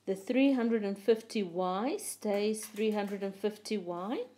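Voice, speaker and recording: Female maths teacher, voice-over, very slow and deliberate, mellow tone. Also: medium pitch. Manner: slow, methodical explaining. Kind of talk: step-by-step lesson voice-over.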